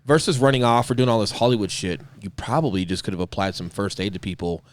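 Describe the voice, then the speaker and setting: Fast-talking low-voiced joking man. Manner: joking, irreverent, quick to laugh along. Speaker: podcast host. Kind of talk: casual podcast chat.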